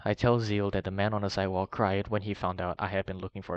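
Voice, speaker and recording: A man reading a long first-person document aloud in a steady, even way. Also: low-pitched, quick pace, no room sound. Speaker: reader. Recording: dry, muffled lo-fi voice recording.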